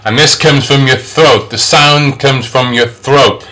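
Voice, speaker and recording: A man leads a phonics lesson slowly, his voice pushed and bright. He breaks English words into individual sounds, repeats the examples several times, and his pitch jumps up on the model words.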